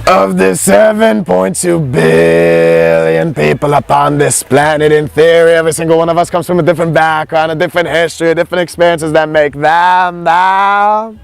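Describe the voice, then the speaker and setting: A man doing a raspy ancient robed sage. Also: a little high, animated, no room sound, faint music behind. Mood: musing. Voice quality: old raspy voice. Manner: slow, drawn-out questioning. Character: ancient red-robed old man, staring, philosophical.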